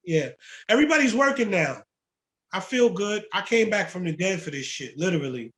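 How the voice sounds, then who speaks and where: A man from the Bronx, a music producer telling stories in a casual interview, profane, animated and full of slang. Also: high voice, brisk. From the Bronx, New York.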